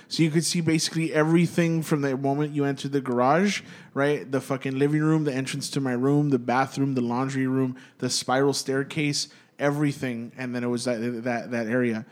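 A young man spins a long story for his friends in a loose, rambling way. He swears freely, calls everyone "dude" and keeps restarting his sentences. His voice sits at an ordinary middle pitch. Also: level tone, a little fast, few pauses. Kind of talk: casual chat, telling a spooky story.

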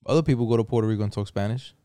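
Argumentative man with a smooth voice. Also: lowish voice, very fast, warm tone, no echo. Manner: argumentative, laughing, profane. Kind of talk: casual chat.

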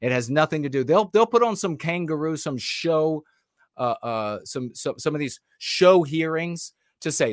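A man's voice: fairly high pitch, lively intonation, moderate pace, no echo, studio quality. A man ranting as a political commentator in a livestream. He talks bluntly and heatedly, stopping and restarting often with fillers.

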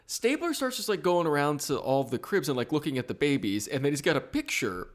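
A man's voice: fairly high pitch, big pitch swings, fast talker. A man co-hosting a casual podcast, recapping a TV episode with profane jokes and frequent laughs. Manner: joking, profane, laughs often. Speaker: podcast co-host.

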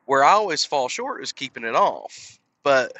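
A man's voice: medium pitch, big pitch swings, normal speed, sharp tone, lo-fi sound. A man hosting a podcast, talking casually into a headset in a rambling, self-deprecating way, full of fillers and acted-out voices. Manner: acts out voices of people in his stories. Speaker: podcast host.

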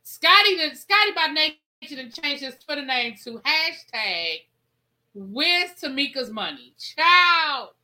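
Sassy lady host going off on a clip, super bright punchy voice, drags out her repeats. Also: sits high, very animated, low-quality recording. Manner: sassy, emphatic, drawn-out repetitions. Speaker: show host. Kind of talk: casual commentary.

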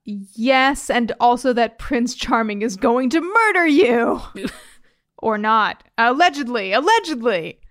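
A woman's voice: a little high, expressive, takes it slowly, fairly bright tone, no room sound, clean studio sound. A woman co-hosting a podcast, chatting playfully about a TV episode and laughing often. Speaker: podcast co-host. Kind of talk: casual chat recapping a TV episode.

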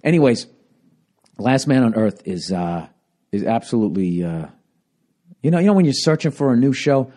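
A man, a stand-up comedian, talking alone into a handheld recorder for his podcast. He swears constantly, rants in a lively way, and his voice is still cracking. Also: medium pitch, normal speed, long pauses. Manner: profane, ranting, animated. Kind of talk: solo podcast monologue.

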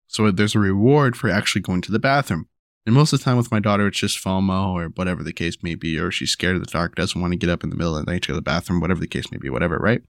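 A young man talking casually about raising his daughter, rambling and restarting, repeating "you know" and "right?", and going higher when he acts out what he tells her. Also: rapid-fire, no echo, clean studio sound. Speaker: father sharing parenting advice. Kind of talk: casual monologue to camera.

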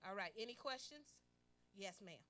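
An older woman teaching a church group about money, animated and preachy, calling on the audience to answer back. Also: mid-range voice, moderate pace. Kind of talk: lively church teaching talk.

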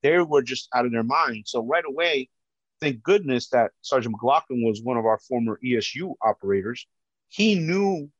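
Earnest man, halting testimony. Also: mid-range voice, no room sound. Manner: halting, earnest, many restarts. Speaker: police officer recounting a rescue. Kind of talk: personal testimony. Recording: dull lo-fi dry sound.

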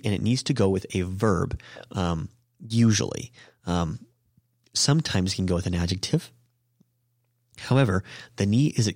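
A man's voice: on the low side, darkish tone, no room sound, clean studio sound. A man hosting a podcast language lesson, explaining Japanese grammar casually with frequent ums and self-corrections. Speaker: host and Japanese teacher.

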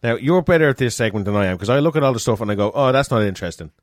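A man co-hosting a chatty podcast and throwing in wry asides. His voice is mid-pitched but animated. The sound is dry and close. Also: racing, dry recording. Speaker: podcast co-host. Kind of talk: casual banter.

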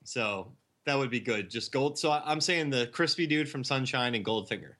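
Lively joking man, swooping pitch. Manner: animated, joking, acts out quick impressions. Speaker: podcast co-host. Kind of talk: casual chat. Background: other men talking and laughing.

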